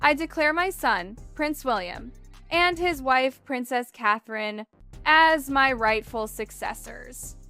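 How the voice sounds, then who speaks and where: A woman voicing an aging male king giving up his throne, speaking in a measured, solemn way. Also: high-pitched, animated, sharp tone, clear, resonant tone, soft background music, full character voice.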